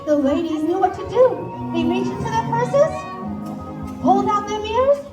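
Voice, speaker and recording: A woman telling a story on stage in an animated, playful, sing-song way. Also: very high-pitched, normal speed. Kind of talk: live theatrical storytelling. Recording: far-off echoey live recording with music and crowd.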